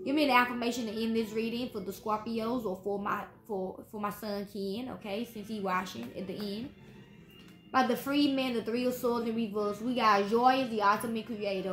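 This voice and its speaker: A woman in her twenties with gives a casual tarot reading in a fairly high voice. She talks bluntly, swears freely and keeps tagging "okay?" onto her lines. The sound echoes off the walls of the room. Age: 20s. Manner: blunt, profane, says okay constantly. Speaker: tarot reader.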